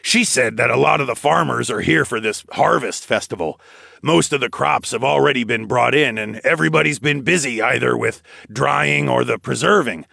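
A man voicing Darwin, a calm, practical adult man explaining plans in an audiobook. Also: mid-range voice, moderate pace, creaky, husky, dry recording, clean studio sound, pitched above the performer's own voice, exaggerated voice. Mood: matter-of-fact. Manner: matter-of-fact, explaining plans.

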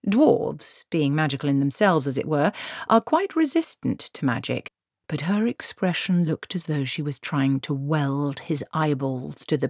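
A woman narrating a comic fantasy story in a wry, measured way. Her voice sits low but moves expressively through the lines. The recording is dry and close. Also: darkish tone, no room sound. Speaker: audiobook narrator. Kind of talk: scripted narration.

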